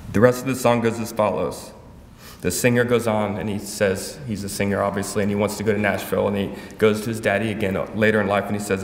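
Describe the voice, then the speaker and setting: A man with a very low voice delivers an emotional eulogy, pausing and restarting as he speaks. His words ring out with the long reverb of a big hall. A faint room hum sits underneath. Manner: emotional, halting, heartfelt. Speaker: son giving a eulogy. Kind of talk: funeral tribute speech. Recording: echoey hall from far off, faint ambience.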